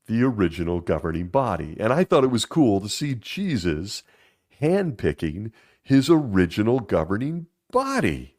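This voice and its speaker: A man with a somewhat low voice gives a sarcastic commentary. He talks in a wry, mocking tone and often chuckles at his own remarks. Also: very animated, moderate pace, a little mellow. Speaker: commentary channel host.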